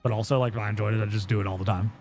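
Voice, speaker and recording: A man's voice: on the low side, fairly even intonation, rapid-fire, darkish tone, soft background music. A young man chatting casually on a live stream, telling a story in a rambling way with lots of fillers and swearing.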